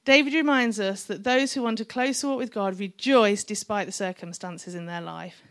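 A woman's voice: medium pitch, normal speed, a bit bright. A middle-aged woman preaching a sermon, chatty and encouraging, with joking asides to the congregation.

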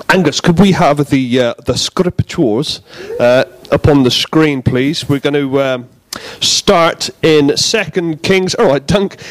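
A man giving a relaxed, jokey sermon in a church, bantering with the congregation. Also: on the high side, no echo. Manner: chatty, jokey, self-deprecating. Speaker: preacher.

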